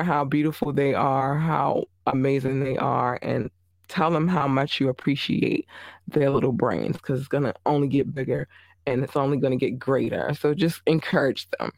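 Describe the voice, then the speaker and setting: A woman's voice: extremely low pitch, normal speed, vocal fry, dry recording, clean studio sound. A woman in her thirties hosting her own podcast, talking bluntly in a sassy, venting monologue. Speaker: podcast host.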